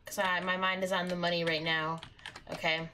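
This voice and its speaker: A young woman streaming a video game, exasperated with her in-game companion, jumping between shrieks and low mutters. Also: level tone, moderate pace, sharp tone, slight background noise. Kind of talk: live game commentary.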